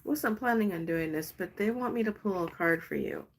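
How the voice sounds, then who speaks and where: A woman's voice: on the low side, expressive, moderate pace. A woman hosting a casual live stream, chatty and gushing as she pulls cards for a viewer. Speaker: live stream host doing card readings.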